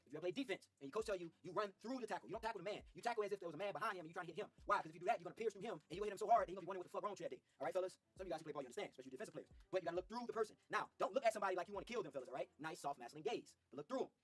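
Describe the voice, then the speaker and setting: Fast-talking male coach, slangy and preachy, husky high voice. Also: lively intonation. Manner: slangy, preachy, addresses the men watching as "fellas". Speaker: social skills coach. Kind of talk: motivational video talk.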